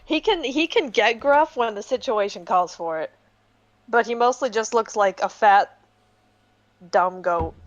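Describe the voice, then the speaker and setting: A woman playing in a tabletop game, playful and quick with asides. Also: fairly high pitch, lively intonation, highs cut off. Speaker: player. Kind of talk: tabletop role-play as a player.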